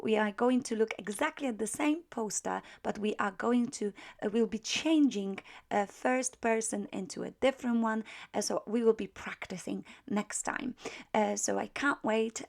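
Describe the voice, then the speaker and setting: A woman's voice: a little high, gravelly. A woman teaching a beginner language lesson, explaining patiently with many fillers and "right?" checks.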